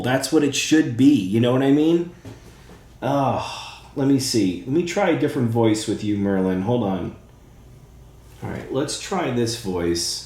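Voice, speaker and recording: A man's voice: mid-range voice, darkish tone, roomy sound. A man working as a psychic medium who speaks to a spirit during a session. He is eager and thinks aloud, with plenty of fillers.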